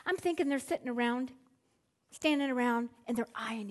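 A woman preaching a Bible teaching, dramatic and deliberate, acting out the people in the story and dropping to near whispers. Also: on the high side. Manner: dramatic, acts out quoted voices. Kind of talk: sermon.

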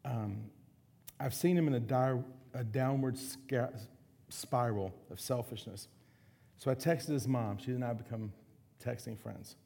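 A middle-aged pastor preaches earnestly in a medium-pitched voice that is dark and mellow, with a gravelly edge. To let a point sink in, he often slows and drops to a soft, quiet tone.

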